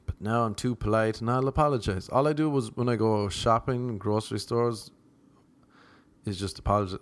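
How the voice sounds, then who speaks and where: A man's voice: fairly low pitch, fairly quick. An Irish man rambling through a comic monologue, self-mocking and full of rhetorical questions. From Ireland. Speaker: vlogger.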